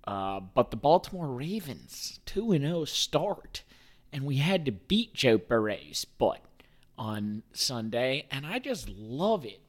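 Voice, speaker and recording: A man's voice: mid-range voice, big pitch swings, slow. A man in his thirties hosting a podcast, in rambling, profane, joking casual sports talk. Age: 30s. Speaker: podcast host.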